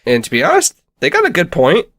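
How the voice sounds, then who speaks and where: A man's voice: fairly high pitch, huge pitch swings, fast talker, a bit bright. A young man co-hosting a podcast in casual chat, rambling with many fillers and restarts. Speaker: podcast co-host.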